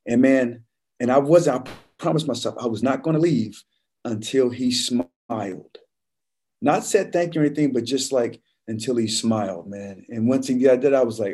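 A man telling stories in a relaxed, conversational way as a podcast guest, saying "man" constantly. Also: mid-range voice, normal speed, slightly rough. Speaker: podcast guest, former football player. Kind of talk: casual conversation, storytelling.

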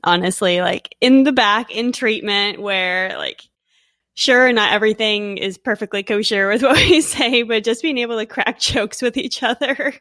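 A woman's voice: a little high, normal speed, bright, forceful tone, no room sound, studio quality. A woman, a veterinarian guest, chatting casually in a playful way and laughing easily. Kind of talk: casual chat.

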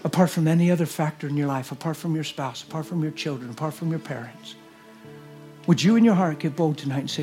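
Guy preaching at a church service, kinda high voice, goes from whispering to loud, quiet music behind him. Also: fast talker. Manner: earnest, swinging from soft whispers to loud exclamations. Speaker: guest preacher. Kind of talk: sermon with altar call and prayer.

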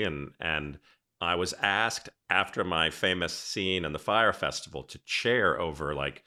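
A man's voice: deep voice, sharp tone. A man hosting a podcast interview, telling rambling stories in a casual, chatty way. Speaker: podcast host.

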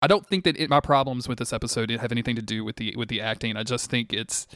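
A man's voice: medium pitch, fast talker, fairly bright tone, no echo, clean studio sound. A man co-hosting a podcast, recapping a TV episode in casual chat, joking, swearing and often restarting his sentences. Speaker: podcast co-host.

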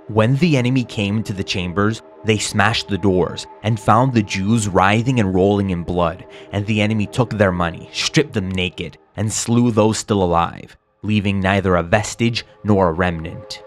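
Male narrator, lowish voice, grave and measured chronicle reading, faint music under. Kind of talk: solemn scripted reading of a historical chronicle.

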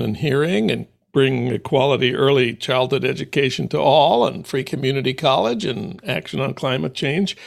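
A man hosting a political discussion, laying out the issues and asking his guest questions in an earnest, drawn-out way. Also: mid-range voice, vocal fry. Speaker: host.

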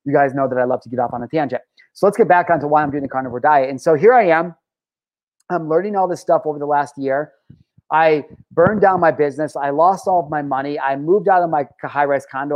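Guy in his 30s just rambling to his viewers about his feelings, kinda high voice, lots of um and restarts. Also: dull audio. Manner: rambling, emotional, with many restarts and fillers. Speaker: vlogger. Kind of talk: casual personal vlog monologue.

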